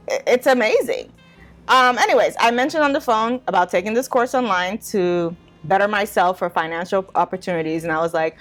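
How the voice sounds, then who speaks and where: A young woman hosting a podcast, talking casually and wryly, with lots of "like" and small laughs. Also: fairly high pitch. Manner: chatty, wry, with frequent "like" and laughs. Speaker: podcast host. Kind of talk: casual advice monologue.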